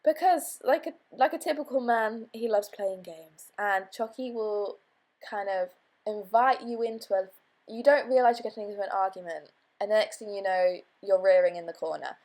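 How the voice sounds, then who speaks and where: A young woman vlogging casually, her voice a little hoarse after being ill, talking in a chatty, bubbly way. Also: mid-range voice, moderate pace, a little mellow. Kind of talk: casual vlog chat.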